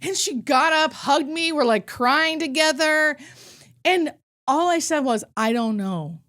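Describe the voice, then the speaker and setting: Animated woman telling hospice stories. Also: sits high, measured pace. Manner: animated storyteller, acts out quotes. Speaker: hospice nurse guest. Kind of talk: casual storytelling interview.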